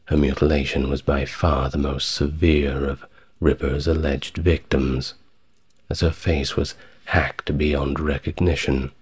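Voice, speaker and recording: A man giving a calm, soft-spoken ASMR history narration, measured and steady, with wry conversational asides. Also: rumbling low, breathy edge.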